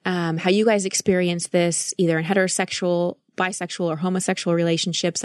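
Earnest, gravelly-voiced woman coach. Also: lowish voice, no room sound, studio quality. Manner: earnest, thoughtful, with frequent restarts. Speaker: podcast host and life coach. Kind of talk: casual reflective monologue.

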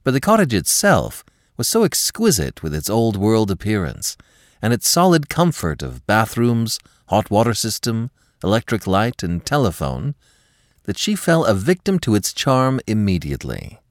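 Low-voiced, expressive male storyteller. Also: moderate pace, no room sound, clean studio sound. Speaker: podcast narrator. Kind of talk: audiobook narration.

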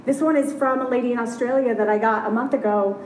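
A woman giving a live keynote talk at a conference, upbeat and candid, chatty, with quick asides. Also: fairly high pitch, fairly even intonation, darkish tone, a little hiss or hum. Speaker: keynote speaker. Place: large conference hall. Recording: roomy hall sound, heard from a distance.

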